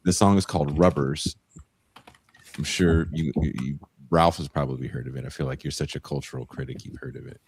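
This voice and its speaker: A man's voice: a bass voice, steady tone, fairly quick, darkish tone, slightly rough. A man hosting a podcast panel over a video call, joking and blunt, laughing often. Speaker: podcast host. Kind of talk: casual panel chat.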